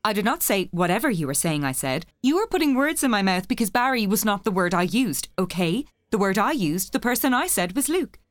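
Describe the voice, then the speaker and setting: A woman playing a brash, scheming party guest who talks in grand, melodramatic swings between loud and hushed. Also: medium pitch, big pitch swings, fairly quick, hardly any pauses, dry recording, studio quality, lightly acted. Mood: haughty. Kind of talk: stage play acting.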